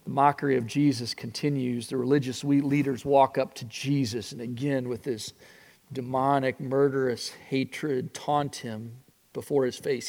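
A man preaching a sermon that retells a story in the second person, earnest and swinging from hushed passages to impassioned ones. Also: medium pitch, normal speed. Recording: long hall reverb.

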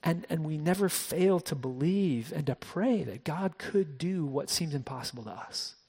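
Male pastor, sermon, slightly high voice, long hall reverb, hushed then emphatic, repeats words. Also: expressive, moderate pace, slightly rough. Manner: shifts between soft hushed passages and raised emphatic ones; frequent word repeats and restarts.

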